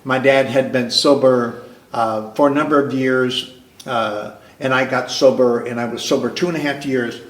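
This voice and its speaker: A man speaks at a recovery club meeting, telling his own story in an earnest, halting way and often starting his sentences over. His voice sits in a middle range for a man. The room around him is roomy and echoing. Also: medium pitch, fairly even intonation. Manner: earnest, halting, with frequent restarts. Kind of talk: sharing a personal story at a meeting.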